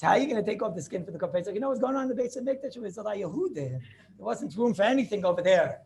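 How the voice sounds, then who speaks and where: A man, a rabbi, teaching a lively Talmud lesson to his students, animated and full of rhetorical questions and asides. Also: sits high, racing, vocal fry.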